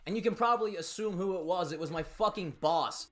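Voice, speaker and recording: A man's voice: sits high, a little fast, fairly bright tone. Profane young man telling a story. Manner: profane, emphatic, rhetorical asides. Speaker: YouTube storyteller. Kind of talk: casual storytime monologue.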